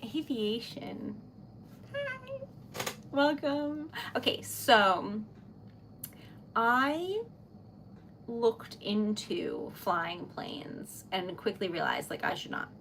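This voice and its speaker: A young woman hosting a relaxed livestream, chatting casually with viewers as she crafts, rambling and giggling often. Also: on the high side, drawn-out words, pauses often, slight background noise. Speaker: livestream host. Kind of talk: casual chat while crafting.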